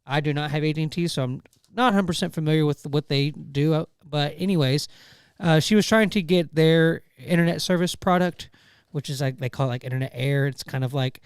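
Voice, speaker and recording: A man's voice: a little high, a little fast, clean tone, no room sound, clean studio sound. A man, co-hosting a podcast and telling a long, rambling story full of fillers and restarts. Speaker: podcast co-host. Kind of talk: casual chat.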